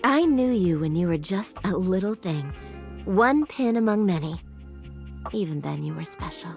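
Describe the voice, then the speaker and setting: A woman's voice: fairly low pitch, animated, normal speed, creaky, darkish tone, faint music behind. A woman voicing a doting, motherly household bed who talks in a fond, teasing way. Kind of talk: video game voice acting.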